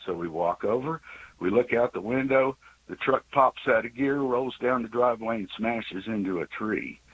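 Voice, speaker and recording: A man in his sixties calling in to a radio show by phone, telling a story with many halting restarts and fillers. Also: medium pitch, a bit bright, slightly rough, muffled recording. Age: 60s. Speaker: radio caller. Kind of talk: call-in storytelling. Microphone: phone call.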